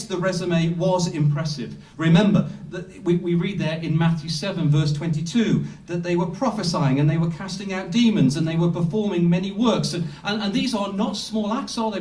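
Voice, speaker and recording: Slow, emphatic male preacher in echoey hall. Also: fairly high pitch, darkish tone, distant mic. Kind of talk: sermon. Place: Bible school hall. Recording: echoey room, speaker off-mic.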